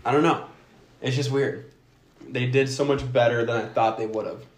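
A man's voice: mid-range voice, fairly even intonation, moderate pace, reverberant. A man hosting a podcast, chatting casually, joking, swearing and laughing often. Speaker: podcast host. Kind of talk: casual chat.

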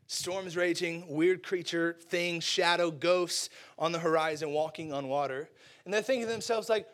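A man preaching a lively, casual sermon, acting out characters and using slang. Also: on the high side, normal speed.

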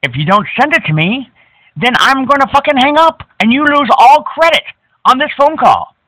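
A man making a prank phone call, crude, abusive and mocking, at times bursting into shouts. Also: very high voice, sing-song, normal speed, dry recording. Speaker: prank caller.

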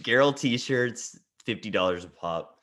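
A man co-hosting a comedy podcast, in casual, teasing banter and quick jokes. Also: medium pitch, lively intonation, a loud crowd. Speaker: podcast co-host.

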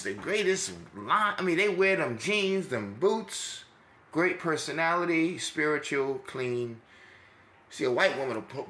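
A man's voice: a little high, fairly bright tone, roomy sound. A man with a New York accent hosting a casual podcast monologue, brash, rambling and profane. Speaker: podcast host.

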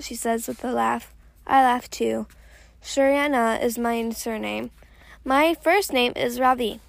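A woman reading a novel aloud in a steady first-person voice, with the odd small slip. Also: on the high side, takes it slowly, vocal fry, no room sound. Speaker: reader.

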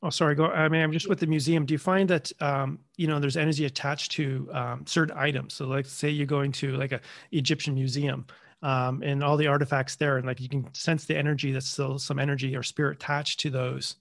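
A man's voice: on the high side, little pitch movement, fairly quick, gravelly, fairly bright tone, no room sound, studio quality. A man hosting a podcast interview, who asks long, rambling questions full of "um" and "like". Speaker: podcast host.

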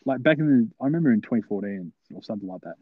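A man's voice: medium pitch, lively intonation, racing, slightly rough, no echo, phone-quality sound. A young man telling a long story, rambling and swearing, full of fillers. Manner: rambling, profane, filler-heavy. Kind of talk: casual storytelling.

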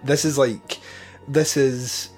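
A man co-hosting a casual chat about old horror films, animated and laughing as he talks. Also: mid-range voice, slow, faint music behind. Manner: animated, laughing film talk. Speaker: podcast co-host.

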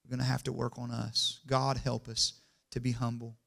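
A man preaching a sermon in church, calling for amens and building from quiet to loud and emphatic. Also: medium pitch, completely flat delivery, normal speed, creaky. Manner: call-and-response, asks the congregation for amens.

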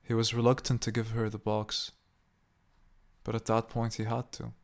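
Gravelly low male horror narrator. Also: completely flat delivery, moderate pace.

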